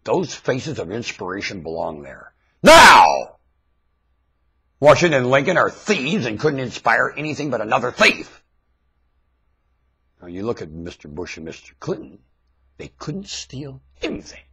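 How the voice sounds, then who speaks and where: Husky man in a shouting webcam rant. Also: very animated, moderate pace. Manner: swings from low muttering to sudden shouted outbursts. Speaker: webcam monologuist. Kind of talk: ranting webcam monologue. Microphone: webcam mic.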